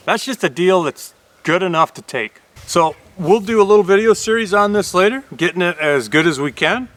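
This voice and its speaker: A man's voice: on the high side, fairly bright tone. A man casually talking through a new axe on his vlog, plain-spoken and chatty with a folksy manner. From Upper Michigan. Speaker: YouTube host reviewing an axe.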